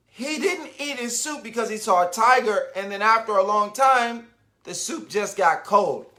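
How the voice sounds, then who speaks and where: A man reading a children's picture book aloud, his voice bright and ringing as it leaps up and down in pitch. He takes his time, unhurried and patient. He keeps turning to his young listeners with questions and pauses to wonder.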